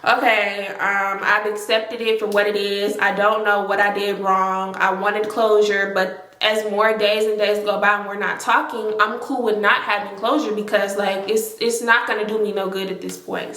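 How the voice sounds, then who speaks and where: A woman's voice: mid-range voice, fairly bright tone. A woman telling a casual storytime vlog, emphatic and repeating lines for effect. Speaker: storytime vlogger. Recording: roomy echo.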